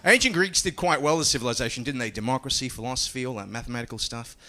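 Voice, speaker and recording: A man's voice: mid-range voice, racing, background noise. A middle-aged Australian man doing a stand-up comedy set on a club stage, dry and profane with hesitant fillers.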